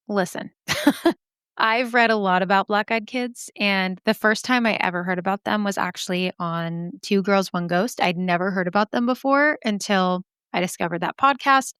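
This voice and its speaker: A woman hosting a podcast, reading out listener stories and chatting about them in a lively way with frequent laughs. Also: mid-range voice, moderate pace, smooth, no echo, clean studio sound. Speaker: podcast host.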